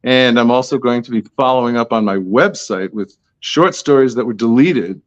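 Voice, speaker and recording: On this muffled, dry recording, a man with a mid-range voice speaks at normal speed. He's an author being interviewed for a podcast, answering in a chatty, tangential, self-deprecating manner.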